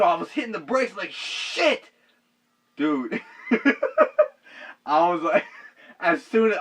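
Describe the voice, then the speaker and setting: A young man telling a personal story in a casual, animated way, full of slang, repeated "dude" and shouted sound effects. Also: sits high, husky. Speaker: vlogger.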